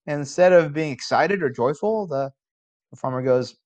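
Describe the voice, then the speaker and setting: A college philosophy professor lectures in a conversational way, posing rhetorical questions and growing animated when telling a story. His voice is a little high and his speed normal.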